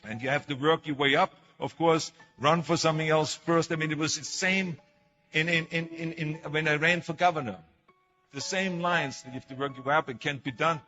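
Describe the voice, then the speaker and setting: A man's voice: a little high, fairly even intonation, fairly quick, lo-fi sound, music in the background. An older man with an Austrian German accent, whose first language is German, giving an emphatic motivational speech full of stories. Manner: storytelling, emphatic, with acted quotes. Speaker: public speaker.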